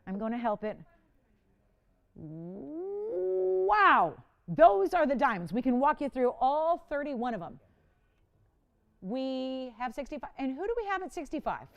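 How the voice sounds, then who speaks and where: A woman hosting a live jewelry auction on TV, chatty and animated, playfully dramatic as she talks to callers and crew. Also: high-pitched, moderate pace, lo-fi sound. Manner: dramatic, playful self-mocking. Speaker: live shopping host. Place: TV studio.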